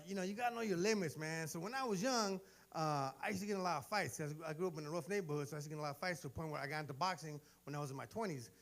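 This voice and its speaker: A man in his forties doing a profane stand-up set, telling stories and acting out the voices of the people in them. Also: sits high. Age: 40s. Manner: animated, profane storytelling that acts out voices. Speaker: stand-up comedian. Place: live comedy venue.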